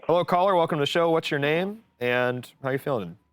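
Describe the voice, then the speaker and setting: A man's voice: a little high, a little fast, smooth, no room sound, faint music behind. A man hosting a live call-in show, talking casually and rambling with jokes and swearing. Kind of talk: casual live stream chat. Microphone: studio mic.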